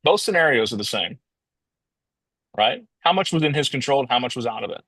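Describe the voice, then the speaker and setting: Man, motivational storytelling, casual rambling delivery, mid pitch, dry close recording. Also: animated, a little fast, a bit bright, husky, dry recording. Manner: casual and rambling, restarts often, addresses listeners as guys.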